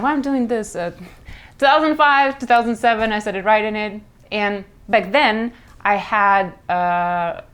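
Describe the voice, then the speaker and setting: A young woman from Russia, Russian accent, talking casually and candidly. She wanders and corrects herself as she goes. Her voice sits at a middling pitch. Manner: rambling, self-correcting, frank and chatty. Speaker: comic creator. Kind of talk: casual chat.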